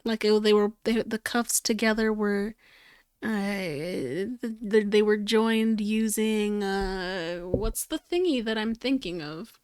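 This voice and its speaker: A woman's voice: mid-range voice, takes it slowly, a little mellow, clear, resonant tone, no room sound, clean studio sound. A woman streamer chatting casually while crafting, rambling and searching for words, with playful sound effects.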